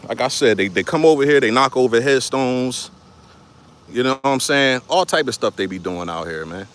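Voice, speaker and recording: A man's voice: medium pitch, lively intonation, normal speed, a bit bright. A man filming a casual vlog outdoors in a cemetery on a handheld phone, talking bluntly with plenty of swearing and a confrontational edge. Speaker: content creator. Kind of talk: casual vlog commentary while walking.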